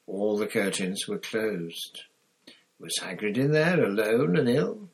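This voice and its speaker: A man narrating a story in a measured storytelling manner, voicing each character. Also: low voice, breathy edge, poor audio. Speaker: audiobook narrator. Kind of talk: scripted narration.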